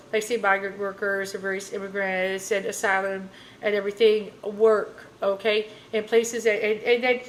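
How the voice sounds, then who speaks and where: A woman's voice: medium pitch, fairly bright tone, rough recording. Woman tarot reader, casual vlog rant, blunt, rambling, mid-range voice. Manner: rambling, heavy with filler phrases, blunt.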